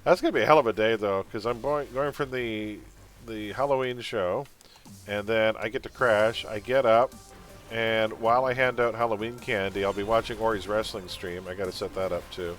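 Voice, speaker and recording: A man's voice: on the low side, fairly even intonation, normal speed, soft background music. A man chatting casually on a live game stream, rambling and opinionated, often calling his viewers folks. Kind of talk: casual gaming stream chat.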